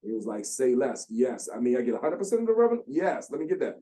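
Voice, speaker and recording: Man, 30s, workshop speaker, lively storyteller who acts out the voices. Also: mid-range voice, fast talker. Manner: animated, acts out quotes with slang. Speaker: guest speaker, founder. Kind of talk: storytelling talk. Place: lecture room.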